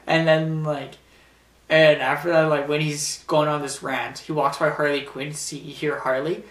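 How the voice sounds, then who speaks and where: A man's voice: fairly high pitch, flat delivery, moderate pace. A man hosting a casual top-ten video, rambling with lots of fillers and giggles as he talks through his picks. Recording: roomy, distant from mic.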